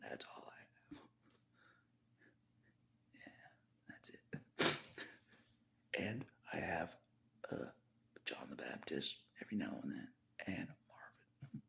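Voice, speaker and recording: Gravelly low-voiced man, rambling and whispery. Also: lively intonation, takes it slowly, pauses often, pushed and bright. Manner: rambling, laughs often, drops into whispers. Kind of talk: casual personal monologue.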